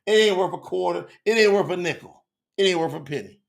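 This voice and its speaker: A middle-aged man teaches scripture to a live online audience. His voice sits high and carries a gravelly fry, and he moves between fervent shouts and hushed, intimate asides. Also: quick pace. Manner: fervent, preacherly, big swings from loud to hushed.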